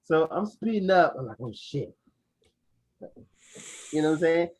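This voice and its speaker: A man co-hosting a podcast, telling an animated, profane story and acting out his own lines. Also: a little high, fast talker, dry recording. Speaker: podcast co-host. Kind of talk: casual storytelling chat. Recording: dry, dull lo-fi sound.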